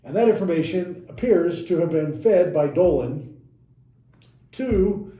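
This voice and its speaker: This co-host's voice sits high and warm, with lively intonation but a slightly slow pace. He casually explains events step by step on a podcast, correcting himself as he goes, in a roomy, echoey room.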